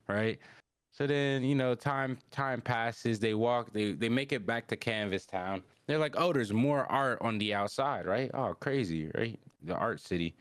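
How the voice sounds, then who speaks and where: A man's voice: animated, normal speed, no echo. A man hosting a podcast, casually recapping an anime episode in a rambling way and acting out the characters' lines. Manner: rambling, acts out characters' lines in higher voices. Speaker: podcast host.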